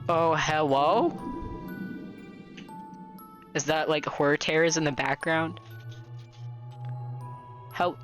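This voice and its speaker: Loud, swearing let's play streamer. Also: mid-range voice, slow pace, pauses often, faint music behind. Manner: loud, excitable, swears often, breaks into laughter. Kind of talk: let's play, reading a visual novel aloud.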